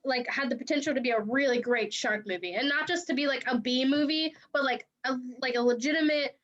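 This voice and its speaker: A woman co-hosting a podcast, chatting casually and retelling movie scenes in an animated way. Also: high-pitched, brisk. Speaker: podcast co-host. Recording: dull lo-fi podcast audio.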